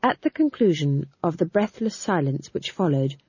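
A woman narrating an audiobook in a lively, expressive storytelling manner. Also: low voice, normal speed, breathy edge, no echo, muffled recording. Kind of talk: scripted narration.

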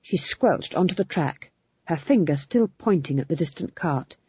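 Woman audiobook narrator, husky tone, dry, dull close recording. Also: sits low, moderate pace, no room sound. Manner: lively, expressive storytelling. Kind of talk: scripted narration.

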